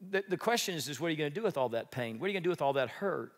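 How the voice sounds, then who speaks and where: High-voiced man preaching in a reverberant hall. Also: rapid-fire. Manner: lively, joking, acts out quoted speech. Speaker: pastor. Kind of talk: sermon.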